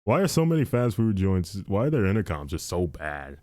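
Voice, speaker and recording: Young male podcast host, deep-ish and soft-toned, loose rambling chat. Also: sing-song, fairly quick, no room sound, studio quality. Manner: rambling, repeats himself, says dude a lot. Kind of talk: casual chat.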